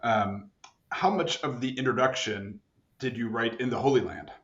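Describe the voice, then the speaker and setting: A man hosting a podcast, asking questions in a relaxed way with fillers. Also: mid-range voice, moderate pace. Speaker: podcast host. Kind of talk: casual podcast interview. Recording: roomy, slightly muffled.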